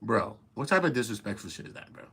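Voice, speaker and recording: A man hosting a casual commentary show, talking in an animated, profane and incredulous way. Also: lowish voice, quick pace, slightly rough. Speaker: commentary host.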